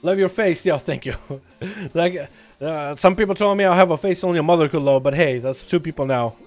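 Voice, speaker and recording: A man's voice: a little high, brisk, soft background music. A man livestreaming a game, chatting loosely with viewers, swearing now and then and hyping up the crowd. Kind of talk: casual gaming livestream chat.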